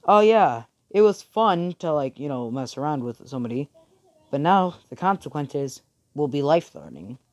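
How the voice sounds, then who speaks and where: A man's voice: medium pitch, expressive, normal speed, darkish tone, dry recording, close to an everyday voice. A man voicing a panicked, regretful young male hero.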